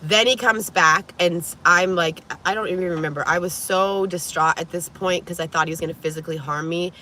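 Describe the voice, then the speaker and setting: A woman vlogger recounts a story from inside a vehicle, her voice bright and ringing. She talks in an animated, profane rush, breaking into laughter and coughs, with a faint hum of ambience behind her. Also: fairly low pitch, fairly quick. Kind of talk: casual storytelling to camera.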